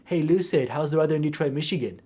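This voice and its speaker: Guy putting on a squeaky british kid hacker, sing-song and trolling. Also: quick pace, a little mellow, breathy edge. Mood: taunting. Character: mocking twelve-year-old boy hacker, trolling.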